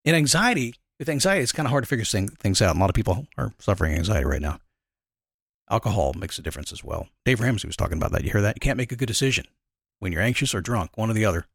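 A man delivers an emphatic motivational monologue, his pitch leaping around constantly. He fires off rhetorical questions and swings from loud bursts to hushed asides. The recording is dry and close, with no room sound. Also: expressive, very fast, slightly rough, no room sound. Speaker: motivational podcast host.

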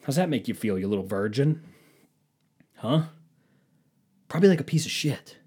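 A man's voice: medium pitch, animated, moderate pace, darkish tone, husky. A young man hosting a casual comedic rant, sarcastic and profane, slipping into mocking impressions of people.

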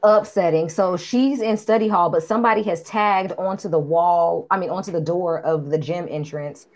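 Female podcast co-host; loose, profane, animated recap delivery. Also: on the low side, moderate pace. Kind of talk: casual movie recap chat.

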